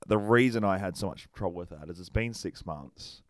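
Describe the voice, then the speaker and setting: A man's voice: sits low, a little fast, no room sound. An Australian man co-hosting a podcast, chatting casually, rambling, swearing freely and laughing often. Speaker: podcast co-host. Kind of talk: casual chat.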